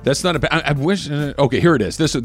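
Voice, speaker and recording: Animated man co-hosting a chat show. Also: a little high, fast, soft background music. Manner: animated, laughs often, reads listener questions. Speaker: radio show co-host. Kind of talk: casual chat.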